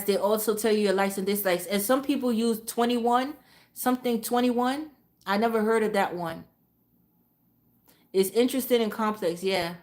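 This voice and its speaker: Woman vlogger, mid-pitched, rambling casual monologue with mumbled asides. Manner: rambling, repeats herself, trails into low mutters.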